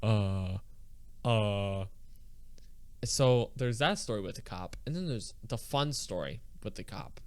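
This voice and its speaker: A young man co-hosts a podcast at a moderate pace, with few pauses and no room sound, his voice medium in pitch. He's an animated storyteller in casual chat who acts out exactly what people said.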